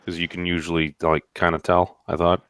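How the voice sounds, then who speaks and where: A man in a casual group chat, deadpan and halting, with frequent restarts. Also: deep voice, clear, resonant tone, no echo, studio quality.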